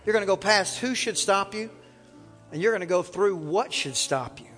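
A male pastor preaching a fervent sermon, building to shouts and calling on the congregation to answer back. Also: sits high, moderate pace, big-room sound, soft background music. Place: church sanctuary.

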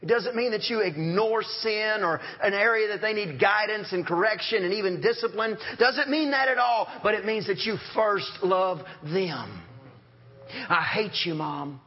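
Brief: male pastor, very high voice, lively preaching, dull lo-fi recording. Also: normal speed, hardly any pauses. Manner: animated preaching with acted-out quotes and humor. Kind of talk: sermon.

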